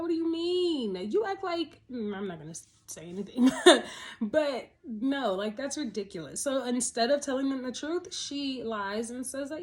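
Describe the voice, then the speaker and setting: Woman, TV recap, chatty, animated, laughs a lot, slightly high voice. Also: moderate pace. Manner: animated, chatty, laughs often, rhetorical questions. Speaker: TV episode reviewer. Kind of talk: casual spoken episode recap.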